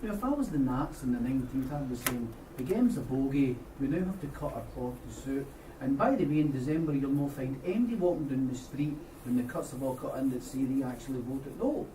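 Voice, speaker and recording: A man's voice: medium pitch, expressive, fairly quick, hardly any pauses, dark tone. A Scottish man, a trade unionist, speaking at a debate in a blunt, colloquial, storytelling way. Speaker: trade unionist audience member. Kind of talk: impassioned debate contribution. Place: meeting room at a union debate. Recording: echoey hall, distant mic, noisy.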